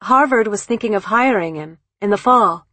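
A woman voicing an eager young college woman who talks in a bright, hurried way, with a husky voice. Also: medium pitch, lively intonation, dry recording, voice pushed up.

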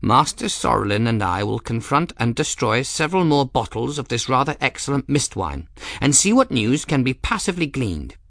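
A man doing a pompous old wizard guy, lofty and theatrical, pitch jumping all over. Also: very animated, moderate pace, creaky, fairly bright tone, no room sound, clean studio sound. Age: older. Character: eccentric old male scholar-mage, pompous.

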